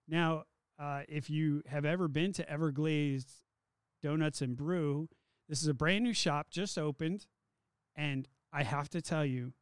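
A male host in casual chat, upbeat and joking as he moves between topics. His voice sits a little high. The sound is dry and close to the mic. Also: clean tone, dry recording. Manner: upbeat, joking, runs the segments. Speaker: podcast host.

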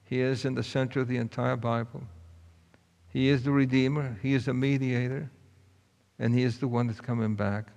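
A preacher tells a story in a folksy, earnest way, his voice gravelly at mid pitch. The sound carries a long reverb from a large hall. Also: a little mellow. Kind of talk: sermon storytelling.

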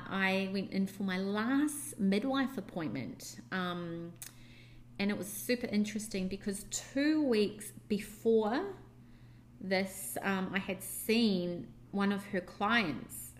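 A young woman co-hosting a podcast tells a personal story in a relaxed, rambling way, full of fillers and asides. Her voice sits at an ordinary middle pitch. A faint hiss runs under the recording. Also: takes it slowly. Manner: chatty, rambling with many fillers. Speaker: podcast co-host. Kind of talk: casual storytelling chat.

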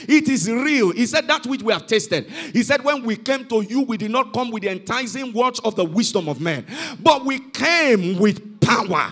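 High, lively-voiced male preacher. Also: moderate pace. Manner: emphatic, repeats "you are not hearing me". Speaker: pastor. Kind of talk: sermon. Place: church hall.

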